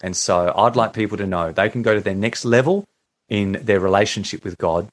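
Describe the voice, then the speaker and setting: A middle-aged man with an Australian accent, a guest author and Bible teacher talking in a casual podcast interview, playful and quick to laugh while joking. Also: fairly low pitch.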